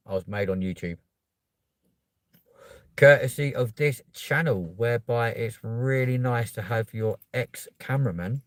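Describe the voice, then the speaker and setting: Hosting a casual livestream, this young Londoner from England reads out comments and chats cheekily, breaking into loud, excited appeals to subscribe. His fairly low voice is recorded dry and close, with no sense of a room around it.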